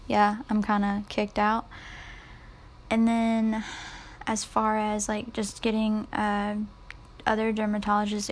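A young woman talking solo on her podcast, wandering off topic and poking fun at herself with quick jokey asides. Her voice sounds congested and a little nasal from her sinuses, sitting at an ordinary middle pitch for a woman. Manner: rambling, self-deprecating, jokey asides. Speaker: podcast host. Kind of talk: casual solo podcast chat.

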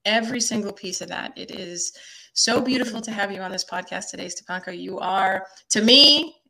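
A woman's voice: medium pitch, moderate pace, creaky, a crowd in the background. A woman hosting a podcast, introducing her guest with effusive, gushing praise. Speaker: podcast host.

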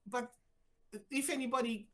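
An older woman from Haiti, a physician guest telling a personal story with lively voiced-out quotes and big swings in pitch. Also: normal speed. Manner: animated, acts out voices with big pitch jumps.

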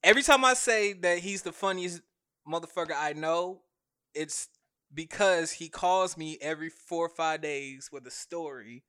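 A man with a high, bright voice co-hosting a podcast. His talk is loose and casual, full of easy laughter and free swearing. The sound is crisp and forward. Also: normal speed. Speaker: podcast co-host. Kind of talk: casual chat.

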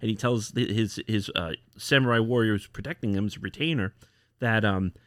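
A man's voice: lowish voice, brisk, no room sound. A man co-hosting a podcast, casually retelling a comic's story with lots of fillers and acted-out quotes. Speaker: podcast co-host. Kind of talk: casual chat.

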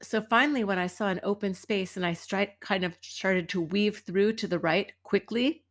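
A woman's voice: mid-range voice, moderate pace. A woman from the United States, middle-aged, hosting a podcast and telling an everyday story in a chatty, wry way. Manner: chatty and wry, acts out quoted people. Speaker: podcast host and dance teacher. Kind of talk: casual storytelling monologue.

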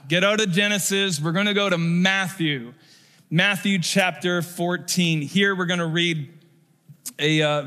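A man preaching a sermon as pastor, conversational and animated, with casual fillers and rising emphasis. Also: high voice. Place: church sanctuary stage. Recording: long hall reverb.

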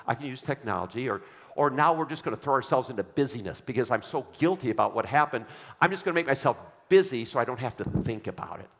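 A male pastor preaches with an emphatic, repetitive cadence, calling his congregation to read along. His voice sits at an ordinary middle pitch, and it carries a long reverb from a church hall. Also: animated, fast, a bit bright. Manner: emphatic preaching with repeated refrains; leads the congregation in reading aloud. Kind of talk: sermon.

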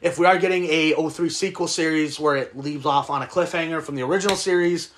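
A man's voice: fairly high pitch, fast, crowd noise. A young man hosting a casual podcast, rambling through entertainment news. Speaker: podcast host.

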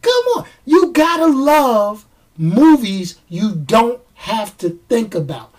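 A man's voice: high-pitched, expressive, takes it slowly. A man giving a casual, jokey movie review. He acts out the fight scenes with his own sound effects.

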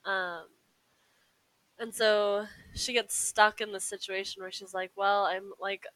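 Woman, podcast co-host, casual and chatty, bright voice, dry close recording. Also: mid-range voice, steady tone, no echo, low-quality recording. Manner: chatty, laughs often, quotes characters in quick put-on voices. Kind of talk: casual chat.

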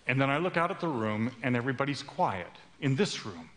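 A man preaching a sermon with animated storytelling that swings into loud outbursts. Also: medium pitch, normal speed. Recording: long hall reverb.

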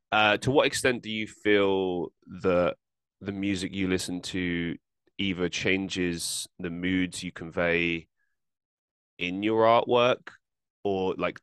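A man's voice: low-pitched, a bit bright, clear, resonant tone, no room sound. A man hosting a casual podcast interview, rambling and self-deprecating, often repeating his words. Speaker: podcast host.

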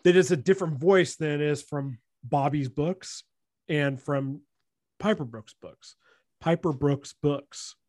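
A man's voice: on the high side, measured pace, darkish tone, no room sound. A man hosting a casual conversation about writing, chatty and rambling, full of "you know" and "like".

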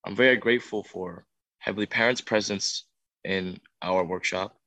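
A man's voice: fairly low pitch, fairly even intonation, moderate pace, pushed and bright, dry recording. A young man who leads youth workshops, telling a heartfelt testimony in an earnest, emotional way that builds in intensity. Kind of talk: testimony talk.

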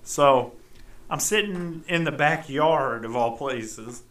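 A man co-hosting a podcast who tells childhood stories in a casual, animated way and swears freely. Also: mid-range voice, slow. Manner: animated, profane storytelling. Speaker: podcast co-host. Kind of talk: casual chat, storytelling.

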